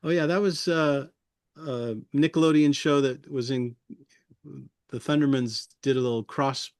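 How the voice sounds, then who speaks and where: A man's voice: medium pitch, steady tone, measured pace, a little mellow, dry recording. A man who works as a puppeteer, chatting casually as an interview guest, chuckling often and rambling loosely through his memories.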